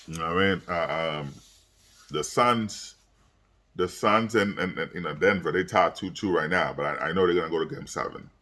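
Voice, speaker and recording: Tired, rambling deep-voiced man. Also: normal speed, bright, forceful tone. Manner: rambling, many fillers and repeated words. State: tired, yawning late at night. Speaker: sports vlogger. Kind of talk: casual sports commentary vlog.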